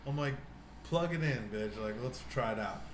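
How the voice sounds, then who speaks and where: A man's voice: medium pitch, lively intonation, moderate pace. A young man co-hosting a podcast, telling stories in a rambling, swear-filled way and acting out what people said. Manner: rambling storyteller, swears a lot, acts out quotes. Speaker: podcast co-host. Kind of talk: casual chat. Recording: echoey room with faint noise.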